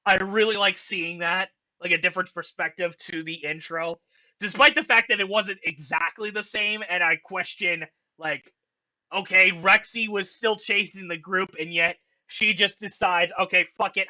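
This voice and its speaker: A young man giving casual, rambling commentary as a channel host, excitable and swearing often. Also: sits high, moderate pace. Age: young adult. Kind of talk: casual commentary ranking a franchise.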